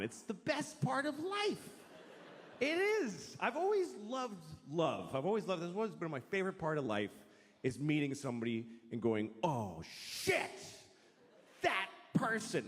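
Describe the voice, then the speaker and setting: A man performing stand-up on stage, his pitch swinging widely as he acts out bits and swears freely. His voice sits a little on the high side for a man. The recording carries a long hall reverb and a faint noise underneath. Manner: profane, acts out quoted voices. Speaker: stand-up comedian. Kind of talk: stand-up comedy set.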